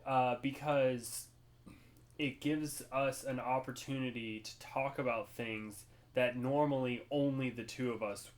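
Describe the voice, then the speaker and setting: A man's voice: mid-range voice, fairly even intonation, measured pace. A young man co-hosting a podcast, chatting in a rambling, casual way. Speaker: podcast co-host. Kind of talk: casual chat.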